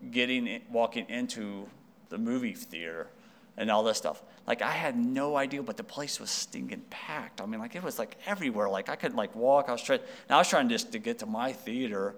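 A young man from Missouri preaching, telling a rambling personal story full of fillers and restarts. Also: lowish voice. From Missouri, United States. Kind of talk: sermon storytelling.

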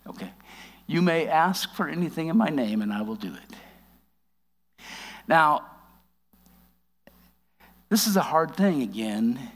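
A man giving a conversational sermon, reading scripture aloud and explaining it with wry asides, slowing down for emphasis. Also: fairly high pitch, big pitch swings, big-room sound. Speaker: preacher.

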